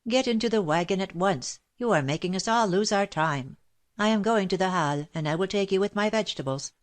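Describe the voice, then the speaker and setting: A woman reading aloud, voicing a stout, rough but kindly old market woman with a gruff, authoritative manner. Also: on the low side, moderate pace, lightly acted. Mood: brusque.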